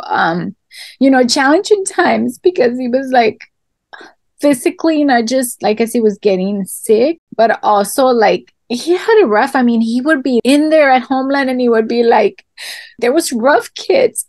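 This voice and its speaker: A woman with a fairly high voice speaks in a heartfelt, reflective way in an interview. The recording is close and dry, with no room sound. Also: darkish tone, dry recording. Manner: reflective, talks through garden analogies, becomes tearful. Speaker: guest artist. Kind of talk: interview answer.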